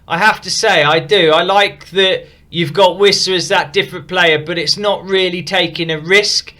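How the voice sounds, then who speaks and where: A man's voice: high voice, fairly even intonation, moderate pace, bright, forceful tone. A man casually reviewing and rating viewers' fantasy football teams, frank and opinionated but upbeat. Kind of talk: casual commentary.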